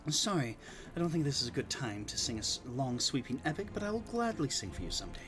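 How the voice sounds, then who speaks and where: A man's voice: medium pitch, big pitch swings, fast talker, over music, close to an everyday voice. A man voicing a young, earnest female traveling bard in a game playthrough, reading her lines in his own voice.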